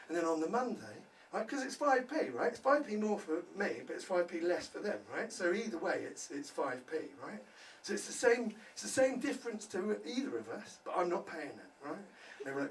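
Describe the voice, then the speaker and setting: A man's voice: fairly high pitch, sing-song, a little fast, hardly any pauses, echoey room. A male stand-up comedian doing a swearing crowd-work set, tagging lines with "right?" before a laughing audience. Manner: loud, swearing, crowd-work banter with many "right?" tags. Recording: distant mic, audible room ambience.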